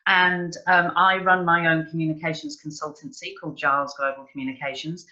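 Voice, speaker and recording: A woman's voice: sits low, flat delivery, a little fast, sharp tone. A woman communications consultant introducing herself on a webinar panel over a video call. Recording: dull lo-fi call audio.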